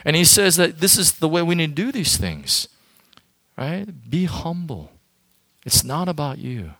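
A man's voice: fairly high pitch, sing-song, unhurried, sharp tone, no echo, studio quality. A man giving an informal sermon to a youth group as their pastor, talking directly and emphatically to the audience.

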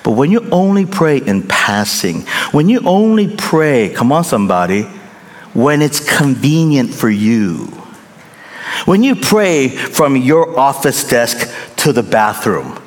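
A middle-aged male pastor preaching a sermon, animated and emphatic, repeating phrases for effect. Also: medium pitch, slow. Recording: long reverb in large hall.

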